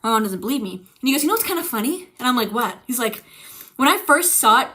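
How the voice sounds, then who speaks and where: A young woman streamer casually telling a ghost story, animated and swearing, acting out the quotes. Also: fairly high pitch, fast, a little hiss or hum.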